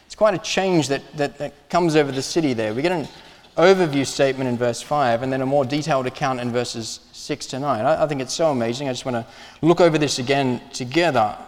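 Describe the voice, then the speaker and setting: A man preaching a sermon in a church, earnest and emphatic, with pauses and restarts. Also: medium pitch, big-room sound. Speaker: pastor.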